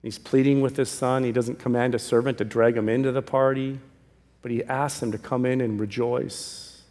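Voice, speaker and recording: A male pastor preaching a sermon, emphatic, swinging from loud calls to hushed pleas. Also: medium pitch, fairly even intonation, normal speed. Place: church sanctuary. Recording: long reverb of a large hall.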